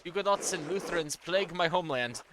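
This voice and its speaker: A man's voice: a little high, quick pace, noisy background, close to an everyday voice. A man voicing a stern, devout male churchman with a put-on German accent, reading a formal letter. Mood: solemn.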